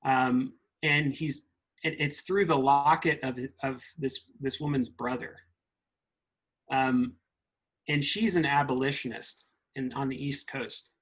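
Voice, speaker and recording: A man giving an informal talk at a meditation center, halting and thinking aloud with frequent restarts. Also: mid-range voice, steady tone, fairly bright tone, slightly rough, rough recording.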